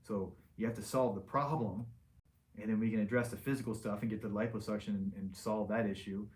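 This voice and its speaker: Plain-spoken male surgeon, low voice, casual question-and-answer tone. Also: steady tone, fairly quick, darkish tone. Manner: frank, plain-spoken, loose with restarts. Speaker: liposuction surgeon. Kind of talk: casual patient Q&A.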